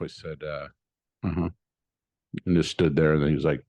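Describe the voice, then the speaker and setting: A man co-hosting a comedy podcast, retelling a frustrating errand in an animated, swearing, storytelling way and acting out both sides of the exchange. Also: deep voice, a little fast, pauses often, no room sound. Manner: swears casually, laughs often. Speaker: podcast co-host.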